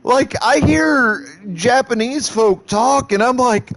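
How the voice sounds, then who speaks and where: A man's voice: very high voice, slow pace, few pauses, fairly bright tone. A man streaming live who chats casually in a rambling, profane way, with many restarts.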